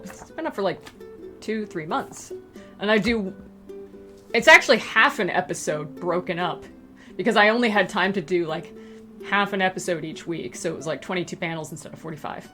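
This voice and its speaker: A woman telling a long casual story on a livestream, acting out her friends' lines in shifting voices. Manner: animated, acts out quoted friends in higher and lower voices. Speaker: webcomic creator hosting a Q and A stream.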